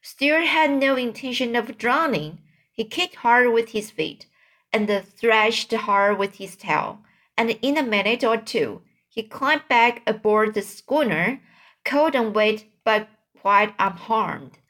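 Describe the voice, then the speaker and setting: A woman reading a children's novel aloud, unhurried, now and then stumbling and rereading a phrase. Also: fairly high pitch, expressive, a bit bright. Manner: unhurried, with occasional slips and rereads. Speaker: reader.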